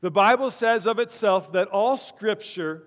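A pastor giving a conversational sermon, with chuckling asides, in a church sanctuary. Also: male voice, high voice, a little slow. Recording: long church reverb.

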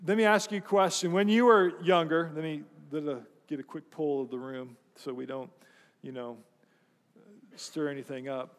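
A man's voice: fairly high pitch, steady tone, moderate pace, in a large hall. A man preaching a sermon, telling a story with self-deprecating humor and asking his congregation questions. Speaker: pastor.

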